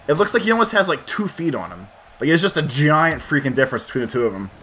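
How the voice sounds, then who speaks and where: A man's voice: fairly high pitch, very animated, fast talker, bright, forceful tone, a little hiss or hum. A man hosting a let's play, chatting casually and profanely while he plays, thinking aloud as he rambles. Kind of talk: casual commentary while gaming.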